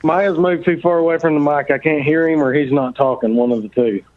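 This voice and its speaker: Teasing male guest, slightly high voice, dull lo-fi line. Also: fairly even intonation, fairly quick. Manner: joking, ribbing his friends. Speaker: guest on a call-in show. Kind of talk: teasing casual banter.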